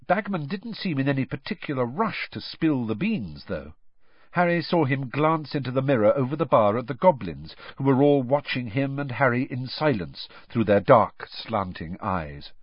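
A man reading an audiobook aloud as an expressive storyteller. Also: medium pitch, normal speed, husky, no room sound, muffled recording. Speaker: audiobook narrator. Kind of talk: scripted narration.

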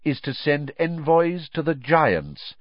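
A man voicing a calm, grave old male wizard who speaks steadily and insistently. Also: fairly high pitch, takes it slowly, no room sound, pitched above the performer's own voice, exaggerated voice. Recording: dry, dull lo-fi recording.

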